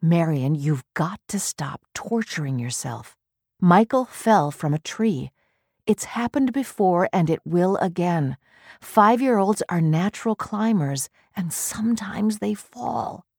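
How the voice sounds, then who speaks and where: A tender, patient husband in a storybook reading, as a woman narrator puts him on. He speaks softly and steadily, in a lowish, quiet voice. The sound is close and dry. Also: expressive, slow pace, slightly rough, no room sound, full character voice. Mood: gentle. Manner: soft and quiet.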